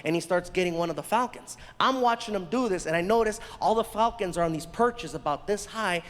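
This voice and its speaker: A man doing stand-up storytelling on a theater stage, animated and laughing at his own jokes, into a handheld mic. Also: sits high, brisk. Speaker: stand-up comedian. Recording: live show in a big reverberant hall.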